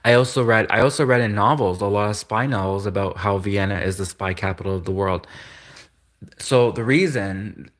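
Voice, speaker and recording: A man's voice: lowish voice, normal speed. A man hosting a livestream, rambling in a casual monologue, chuckling often and restarting his sentences. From Canada. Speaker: livestream host.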